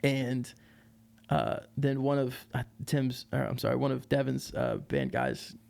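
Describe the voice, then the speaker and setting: A man telling a tour story as a podcast guest, lively and laughing, with lots of fillers. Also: medium pitch, measured pace, creaky. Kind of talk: casual storytelling.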